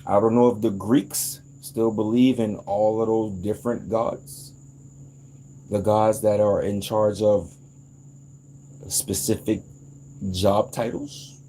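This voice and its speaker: A man in a casual, rambling monologue, animated and profane, jumping into sudden high outbursts. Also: slow pace, pauses often, slight background noise. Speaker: vlogger.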